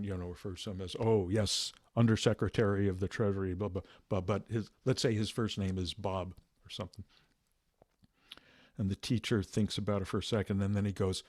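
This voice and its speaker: A man leading a meditation discussion, speaking softly and reflectively with halting restarts. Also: fairly low pitch, dry recording, studio quality. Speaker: meditation teacher.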